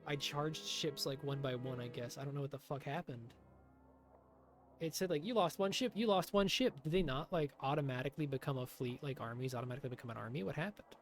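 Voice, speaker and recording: Man, gameplay streamer, sarcastic and muttering, mid pitch, faint music behind. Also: quick pace. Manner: sarcastic, talking to himself, swearing. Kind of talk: live gameplay commentary.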